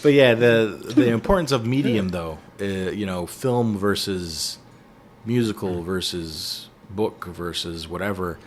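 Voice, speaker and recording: Slow, thoughtful low-voiced man. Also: slight background noise. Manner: thoughtful, measured, analytical. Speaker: podcast co-host. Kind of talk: casual discussion.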